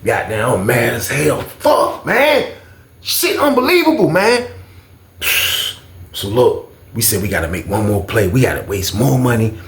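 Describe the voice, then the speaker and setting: A man's voice: mid-range voice, very animated, unhurried, roomy sound. A man casually retelling a prison story in slangy speech, acting out the other people's voices as he goes.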